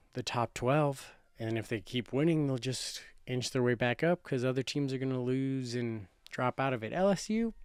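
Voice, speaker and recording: A man's voice: medium pitch, clean tone, no echo, studio quality. A man in his thirties hosting a sports show, making playful, boastful predictions in a casual chat. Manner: boastful, playful, self-correcting.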